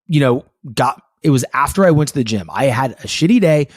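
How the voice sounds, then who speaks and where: Animated, casually swearing male podcast host. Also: mid-range voice, brisk, no echo, studio quality.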